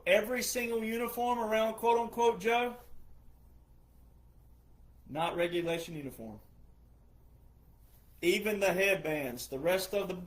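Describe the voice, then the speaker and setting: A man who is a retired veteran, giving an emphatic monologue full of repetition and rhetorical questions. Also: high voice. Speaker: retired military veteran commentator.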